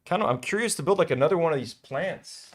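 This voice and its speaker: Chatty young man with a lively pitch. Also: fast talker. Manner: chatty and self-delighted, many fillers. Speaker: toy-building channel host. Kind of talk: casual hobby vlog narration.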